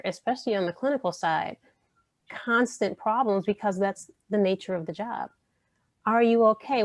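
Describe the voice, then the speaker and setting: A woman presenter on an online panel who speaks reflectively to the audience, gently probing with rhetorical questions. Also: medium pitch, no echo, studio quality. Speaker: panel presenter, counselor educator.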